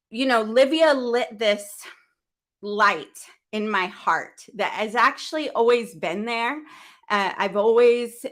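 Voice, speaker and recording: A woman hosting a business event livestream, talking earnestly and with deep feeling, open about her faith, often starting sentences over. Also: fairly bright tone. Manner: earnest, heartfelt, faith-filled, rambling with restarts. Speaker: event host. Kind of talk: emotional livestream talk.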